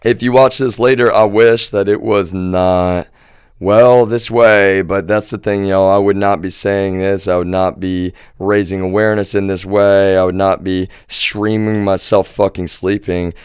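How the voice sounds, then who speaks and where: A man's voice: sits low, fairly even intonation, a little slow, clean tone, no room sound, studio quality. A man ranting on a livestream, profane and repetitive, hammering his points and calling out to listeners. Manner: keeps addressing listeners as "y'all".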